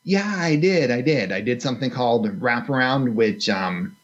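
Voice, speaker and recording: A man speaking at an ordinary middle pitch tells stories casually as a podcast guest. He acts out his own past thoughts as he goes. His voice comes through a muffled, lo-fi call line. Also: lively intonation, moderate pace. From San Diego, United States. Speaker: guest author and therapist. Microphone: phone or call line.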